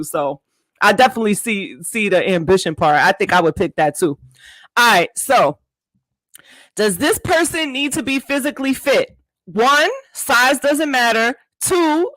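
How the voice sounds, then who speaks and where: A woman hosts a casual podcast interview, her voice bright and forceful. She talks in loose slang and laughs often between questions. The sound is dry and close. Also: a little high, no echo, rough recording. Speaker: podcast host.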